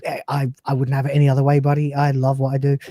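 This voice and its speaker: A man's voice: mid-range voice, completely flat delivery, quick pace, dark tone, no echo. A man in his forties hosts a livestream in a loose, profane, joking way. He tells stories and keeps the chat moving. His voice is recorded close and dry. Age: 40s. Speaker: host.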